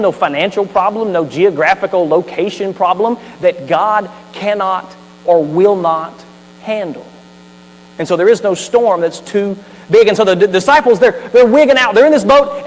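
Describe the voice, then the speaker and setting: A man preaching a sermon as a pastor, telling the story animatedly with asides. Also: sits high. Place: church sanctuary. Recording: hall reverb with faint mains hum.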